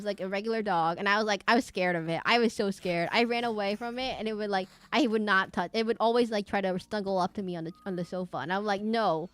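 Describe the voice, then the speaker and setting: A woman's voice: mid-range voice, fairly bright tone. A young woman chatting casually while streaming a game, rambling and giggling with lots of restarts and asides.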